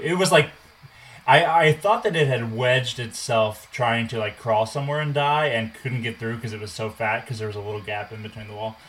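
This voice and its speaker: A man in his twenties telling a casual, animated story, swearing and acting out what people said. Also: mid-range voice, rough recording. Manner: animated, swears, acts out quotes.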